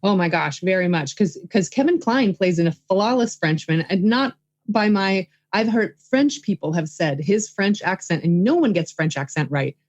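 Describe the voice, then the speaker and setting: A woman's voice: medium pitch, animated, moderate pace, a little mellow. Enthusiastic woman on a dull line. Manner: enthusiastic, rambling with many fillers. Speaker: guest, filmmaker and writing coach. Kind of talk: casual interview chat.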